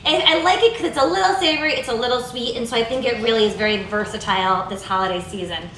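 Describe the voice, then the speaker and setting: Woman, cooking show host, chatty, bubbly, high voice, roomy echo, faint background noise. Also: fast talker, sharp tone. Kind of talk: live cooking demonstration.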